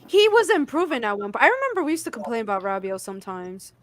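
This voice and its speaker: A woman on a football podcast, frank and quick to disagree in casual chat. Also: on the high side, big pitch swings. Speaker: podcast panelist.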